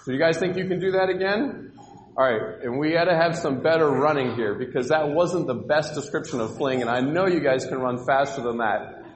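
Children's Bible teacher, male, coaxing and upbeat, slightly high voice, roomy hall echo, faint background noise. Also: a little fast. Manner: upbeat, coaxing, directs kids with questions. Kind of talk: interactive children's Bible lesson. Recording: echoey hall with long reverb.

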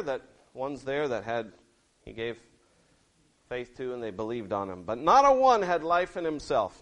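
A man giving a Bible lesson to children, gently asking them questions and explaining the verses. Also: high-pitched. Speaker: Sunday school teacher.

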